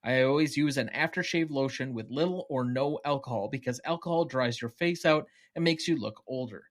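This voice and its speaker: A man on a podcast reading film quotes as a vain, cold male yuppie killer in a plain, even way. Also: mid-range voice, fairly quick, close to an everyday voice. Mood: smug.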